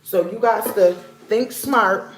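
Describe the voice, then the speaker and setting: A woman's voice: medium pitch, takes it slowly, background noise. A woman vlog host giving blunt, repetitive life advice in a casual talk to camera at home. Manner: emphatic, repetitive, preachy. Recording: roomy echoey room.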